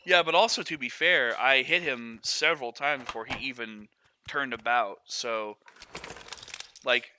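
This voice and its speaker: A man streaming a shooter game, talking to his chat with profane, excitable outbursts and rambling explanations. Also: medium pitch, measured pace, a little hiss or hum. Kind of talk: live gaming stream commentary to chat.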